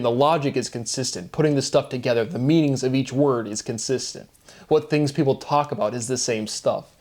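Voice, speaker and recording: A man alone, talking through wordplay in a slow, questioning musing monologue. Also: medium pitch, darkish tone. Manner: slow, questioning, breaks into laughter. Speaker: solo video host. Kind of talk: musing monologue on word forms.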